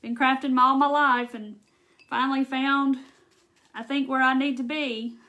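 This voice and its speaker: A woman's voice: sits high, fairly even intonation, a little slow, sharp tone, lo-fi sound. Chatty Mississippi woman crafting live. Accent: Southern US, Mississippi. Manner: chatty, reads viewer comments aloud, says y'all. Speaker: craft livestream host. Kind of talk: casual live craft demo.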